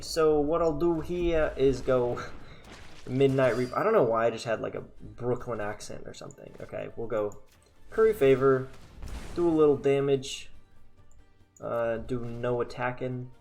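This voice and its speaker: A man's voice: mid-range voice, a little slow, a little mellow, soft background music. Chatty man thinking aloud over a card game. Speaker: gaming content creator. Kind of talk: casual card game commentary.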